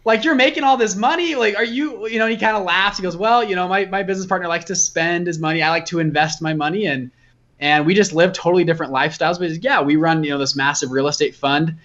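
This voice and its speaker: Lively young man telling a story. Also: fairly high pitch, quick pace, lo-fi sound. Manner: animated, tells the story with quoted dialogue. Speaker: guest entrepreneur. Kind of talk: casual storytelling.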